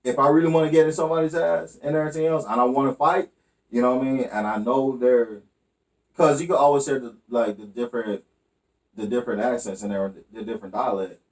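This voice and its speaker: A man's voice: mid-range voice, quick pace, distant mic. A man co-hosting a podcast, telling loose, profane stories in casual chat and often asking "you know what I mean". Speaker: podcast co-host.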